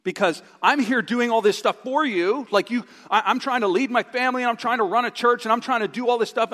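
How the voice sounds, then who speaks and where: A middle-aged male pastor preaching a sermon with a live stage demonstration, animated and acting out his own inner voice with groans. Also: very high voice, fast talker, hardly any pauses. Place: church sanctuary. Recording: long reverb of a large hall.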